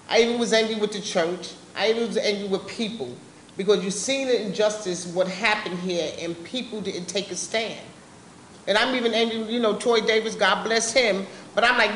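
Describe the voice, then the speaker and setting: A woman at a live public event gives personal testimony in a blunt, colloquial, impassioned way. Her voice sits at a middle pitch. The room is reverberant, and faint background noise lies under the talk. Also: fairly bright tone. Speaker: panel speaker at a public forum.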